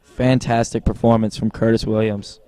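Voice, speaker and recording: A man's voice: fairly low pitch, moderate pace, clean tone. A man giving joking live commentary on a water ski tournament, with a wry, teasing delivery. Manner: wry, teasing, deadpan jokes.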